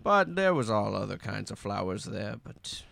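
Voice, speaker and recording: A man hosting an improv comedy podcast, playful and quick to laugh, who narrates the group's story. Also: fairly low pitch, big pitch swings, creaky, a bit bright, dry recording.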